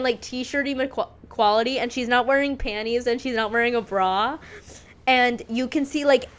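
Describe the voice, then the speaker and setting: A woman's voice: on the high side, a bit bright. A woman hosting her own podcast, rambling and gushing in a casual solo monologue, swearing freely and leaning on lots of fillers. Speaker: podcast host.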